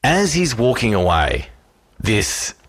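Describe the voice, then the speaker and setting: A male radio host telling an anecdote, animated, acting out the voices of the people in it. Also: on the low side, slow pace, breathy edge, no echo. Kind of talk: radio banter.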